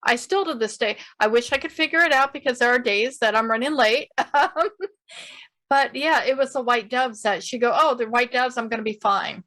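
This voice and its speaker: A woman hosting a podcast, telling stories in an animated, laughing way. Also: a little high, moderate pace. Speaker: podcast host. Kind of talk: casual interview chat.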